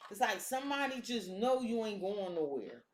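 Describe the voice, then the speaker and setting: Cursing freely and talking bluntly, this woman does a relaxed tarot reading with a streetwise edge. She is very animated, with a medium pitch and moderate pace, recorded in an echoey room with slight background noise.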